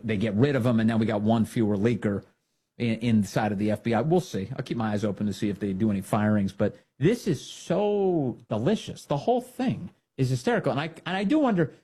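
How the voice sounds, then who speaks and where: A man hosting a political commentary show, mocking a news report in a sarcastic, animated way. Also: on the low side, a little fast, slightly rough.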